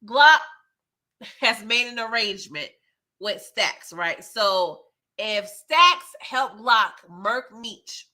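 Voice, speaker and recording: A woman recapping a TV episode in a loose, chatty way, full of slang and asides to her viewers. Her voice sits a little high and has a bright, forceful edge. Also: animated, very slow. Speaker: TV recap host.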